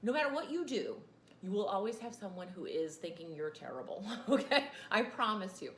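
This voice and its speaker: A woman's voice: medium pitch, expressive, a little fast, roomy sound, slight background noise. A woman, teaching a casual class and rambling into chatty asides.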